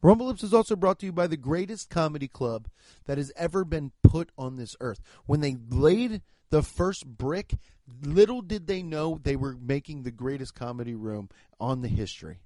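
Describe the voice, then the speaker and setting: A man's voice: mid-range voice, dark tone, dry recording. A man hosting a comedy podcast, reading sponsor ads in profane, over-the-top hype. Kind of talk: comedic ad reads.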